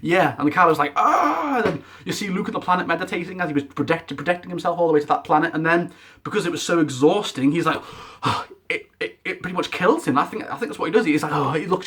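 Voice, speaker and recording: A young man rants through a film review, animated and exasperated. He throws in his own sound effects as he talks. His voice sits a little high for a man. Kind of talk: ranting film review vlog.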